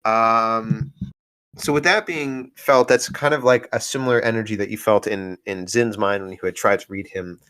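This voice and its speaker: Low-voiced, rambling game master. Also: male voice, steady tone, normal speed, fairly bright tone, clear, resonant tone. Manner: playful, rambling, many fillers. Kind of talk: narrating a tabletop game.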